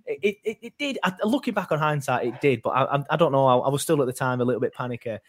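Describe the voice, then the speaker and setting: A man hosts a casual football fan chat at an ordinary pitch. He rambles and hesitates, with plenty of fillers and restarts as he thinks aloud. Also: lively intonation, very fast. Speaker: fan podcast host.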